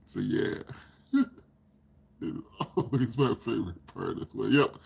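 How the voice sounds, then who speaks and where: A man's voice: on the low side, lively intonation, unhurried, gravelly, darkish tone, slightly rough. An older man hosting a casual livestream, telling rambling stories and laughing often. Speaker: livestream host.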